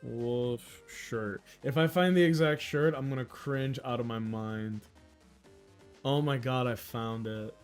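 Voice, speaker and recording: A man's voice: mid-range voice, slow pace, faint music behind. A man in his thirties hosting a casual livestream, rambling and mocking himself with frequent laughs. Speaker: livestream host.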